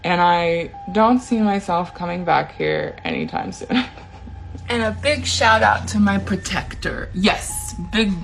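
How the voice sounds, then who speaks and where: A woman's voice: medium pitch, big pitch swings, a little slow, gravelly, faint music behind. A woman casually telling a true scary story about herself, chatty, with fillers and the odd nervous laugh. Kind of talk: casual first-person storytelling.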